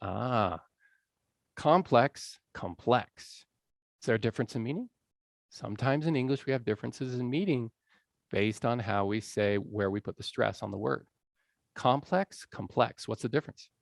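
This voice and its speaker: A man's voice: fairly low pitch, a little fast, creaky, no room sound, clean studio sound. A man giving a live college lecture on language learning, quizzing the audience and laughing often. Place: lecture hall.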